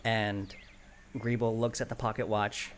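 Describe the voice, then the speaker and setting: A man narrating as game master of a tabletop game in a relaxed, rambling way, with many fillers. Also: fairly low pitch, unhurried, slight background noise.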